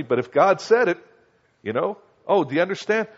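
Preacher man teaching scripture, lo-fi recording. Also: sing-song. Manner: conversational, asks listeners "Okay?" and "do you understand?"; reads scripture slowly and acts out quoted voices higher. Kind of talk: expository Bible teaching. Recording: dull lo-fi recording.

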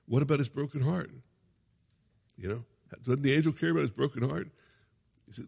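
A man's voice: mid-range voice, expressive, a little fast, vocal fry, pauses often, a little mellow, slightly rough, long reverb tail. A man preaching a sermon, reading scripture dramatically and adding conversational asides with chuckles.

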